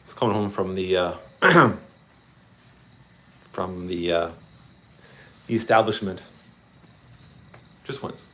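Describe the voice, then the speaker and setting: A man hosting a model railway livestream, chatty and excitable, greeting viewers by name and laughing often. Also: deep voice, slow pace, long pauses. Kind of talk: casual live-stream chat with viewers.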